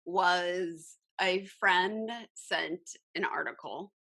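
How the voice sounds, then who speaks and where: A woman co-hosts a casual podcast chat. She speaks slowly in a bright voice and pauses often with ums. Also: fairly low pitch. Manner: slow, halting, with many ums. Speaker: podcast co-host.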